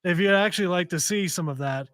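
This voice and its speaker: A playful, teasing man co-hosting a radio talk show, slipping into sing-song bits. His voice is high and bright for a man, with a tense, forward edge. It is recorded dry and close. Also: fast talker, no room sound. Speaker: radio co-host. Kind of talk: casual radio banter.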